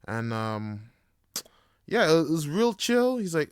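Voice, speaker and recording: Laid-back young man with a smooth voice. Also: mid-range voice, big pitch swings, a little slow, no room sound, clean studio sound. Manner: laid-back, slangy and profane. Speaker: podcast host. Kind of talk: casual storytelling.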